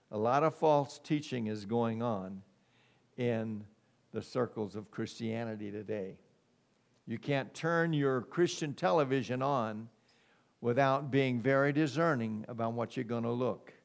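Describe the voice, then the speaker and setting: A man's voice: mid-range voice, gravelly. A middle-aged man preaching a sermon as pastor, emphatic and calling for "amen" from the congregation. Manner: slow, emphatic preaching with call-and-response "amen".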